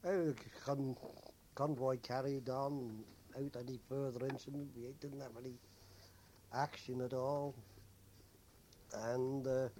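Older man, former seaman, mid-pitched voice, unhurried anecdotal recollection. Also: flat delivery, dark tone, slight background noise. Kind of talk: oral history recollection.

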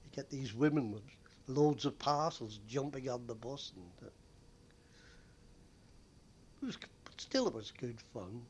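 An older man telling stories from his days as a bus conductor, rambling with frequent pauses and fillers. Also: mid-range voice, expressive, lo-fi sound, a little hiss or hum. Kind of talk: oral history reminiscence.

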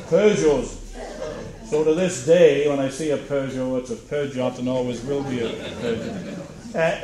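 A man's voice: mid-range voice, warm tone. Older man reminiscing, very echoey room. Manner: anecdotal, chuckling, halting with fillers. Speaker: interviewee. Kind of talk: oral history reminiscence. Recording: very echoey room, faint hiss.

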